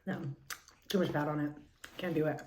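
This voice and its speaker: A woman mukbang vlogger chats casually while eating on camera, rambling and talking with her mouth full between lines. Her voice is low-pitched, darkish and fairly even in intonation, a little fast, recorded in an echoey room with slight background noise.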